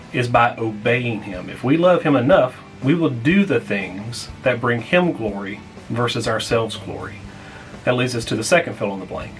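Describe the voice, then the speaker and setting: A man serving as pastor, leading a small group Bible lesson in a plainspoken way and repeating key points slowly so people can take notes. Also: medium pitch, poor audio. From United States.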